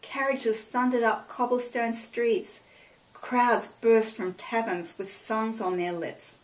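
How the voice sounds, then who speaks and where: A woman reading a picture book aloud as a teacher. She reads expressively and pauses to comment on the pages. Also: fairly high pitch, recorded from a distance, rough recording. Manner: expressive read-aloud, pausing to point out details.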